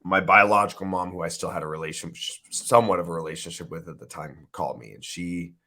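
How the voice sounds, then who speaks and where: A man in his thirties, an interview guest, telling a painful personal story in a halting, emotional way with many restarts. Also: low voice, bright, forceful tone.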